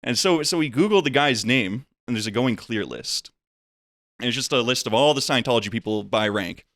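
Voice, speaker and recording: A man casually telling a long story on a podcast, acting out the people in it with big jumps in pitch. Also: brisk, no room sound, clean studio sound. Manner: animated, acts out voices with big pitch jumps. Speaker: podcast guest.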